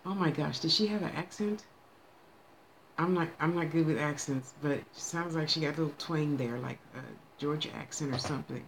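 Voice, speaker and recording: This is a psychic medium giving a loose, casual reading out loud. The voice is folksy and talkative, drawing words out, scolding and thanking unseen spirits as if they were in the room. A faint hum of background noise sits under the talk. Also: medium pitch. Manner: chatty, folksy, bossy with spirits, drawn-out words.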